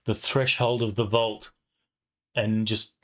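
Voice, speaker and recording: Slow, halting male game master. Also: lowish voice, level tone, a bit bright. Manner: slow, halting narration with many fillers. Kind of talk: narrating a tabletop game.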